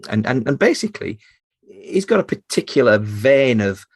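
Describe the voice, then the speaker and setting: A man hosting a podcast interview, asking questions in a halting way with many restarts. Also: medium pitch, very animated, breathy edge. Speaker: podcast host. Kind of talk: conversational interview.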